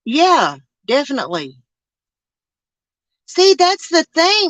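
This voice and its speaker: Slow-talking woman with a bright voice. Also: medium pitch, no room sound. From Arkansas. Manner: rambling, halting, with many fillers and restarts. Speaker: podcast host. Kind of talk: casual chat.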